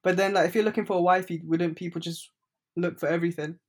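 A man's voice: sits high, quick pace. A young man, chatting casually and teasing his friends in slang. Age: young adult. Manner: animated, teasing, London slang. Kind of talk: casual chat.

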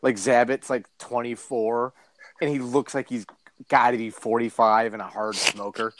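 A man's voice: medium pitch, level tone, normal speed, no room sound. A man co-hosting a podcast, riffing in casual chat with rambling, profane jokes. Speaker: podcast co-host. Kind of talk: casual chat about fight news.

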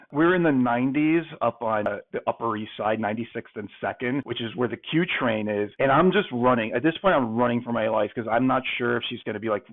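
Man telling a story over a tinny line. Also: mid-range voice. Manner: animated, acts out both sides of the story. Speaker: guest telling a dating story. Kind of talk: casual storytelling. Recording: phone-like remote call audio.

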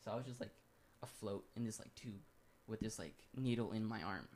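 A man's voice: lowish voice, brisk, darkish tone, slight background noise. A young man casually telling a long story on a podcast, full of swearing and "like". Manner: loose, profane storytelling with lots of "like". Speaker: podcast co-host.

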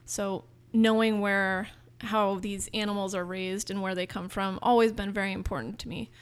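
A woman in her thirties from Northern California talks about her food business in a casual interview. She is eager and chatty, often restarting her sentences, and her voice sits at a mid pitch. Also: little pitch movement, moderate pace, clear, resonant tone. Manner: enthusiastic, chatty with frequent restarts.

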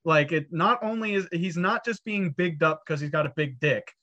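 A man co-hosting a loose podcast chat about a film. His voice sits a little higher than average, and he laughs easily and swears freely as he reacts to his co-host. He speaks in an informal, conversational way. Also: moderate pace, pushed and bright, lo-fi sound. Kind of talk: casual film discussion.

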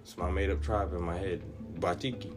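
A man's voice: deep voice, steady tone, brisk, soft background music. A man co-hosting a casual podcast, joking and teasing playfully. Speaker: podcast co-host.

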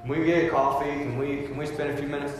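A man preaching in a big church space, and his fairly high voice rings out through a very echoey hall with a long reverb tail. He is emphatic and conversational. A faint hum of ambience sits behind him. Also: level tone, quick pace, soft background music. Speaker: pastor. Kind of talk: sermon.

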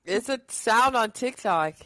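A woman's voice: fairly high pitch, animated, measured pace, a bit bright, dry recording. A woman co-hosting a podcast, chatting casually in slangy speech with lots of "like" and casual swearing. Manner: slangy, filler-heavy, swears freely. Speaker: podcast co-host. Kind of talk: casual chat.

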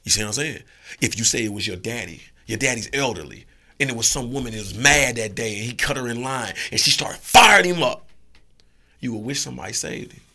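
Gravelly, bright-voiced man talking bluntly. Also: mid-range voice, fairly quick. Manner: blunt, profane, animated storytelling. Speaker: guest. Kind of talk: casual podcast talk.

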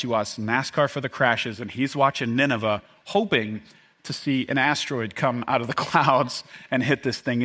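A man preaching a sermon to his congregation, animated and joking, often acting out the voices of the people in the story. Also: medium pitch. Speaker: pastor.

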